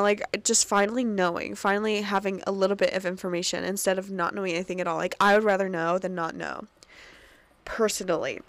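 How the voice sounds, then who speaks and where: Young woman, casual solo recap host, chatty and sweary, mid-pitched voice, dry recording. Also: dry recording. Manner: chatty, swears often, laughs a lot, quick asides. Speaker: podcast host recapping a TV episode.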